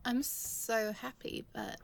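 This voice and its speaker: A young woman speaks straight to the listener in an audio role-play. She talks slowly in a slightly high voice, halting, stammering and restarting as she swears her way through heavy feeling. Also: little pitch movement, creaky, slight background noise.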